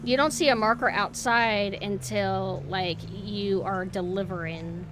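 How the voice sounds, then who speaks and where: A woman streamer giving casual gameplay commentary, chatting to her viewers and jumping to high squeals when flustered. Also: fairly even intonation, measured pace, noisy background.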